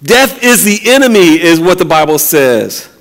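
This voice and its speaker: High-voiced pastor preaching in a hall. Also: male voice, big pitch swings, normal speed, a bit bright. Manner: conversational, repeats and restarts words, acts out quotes. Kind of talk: sermon.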